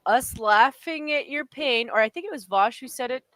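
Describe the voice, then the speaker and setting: A woman co-hosting a casual political chat stream. She speaks haltingly, repeating words before she makes her point. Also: high voice, fairly bright tone, dry recording, poor audio. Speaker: co-host.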